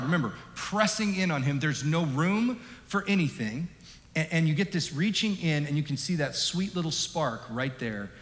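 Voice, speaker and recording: A male pastor delivers an emphatic, animated sermon in a slightly high voice. His words bounce around a large church hall. A long tail of reverb follows each phrase. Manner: animated, emphatic, varies loudness.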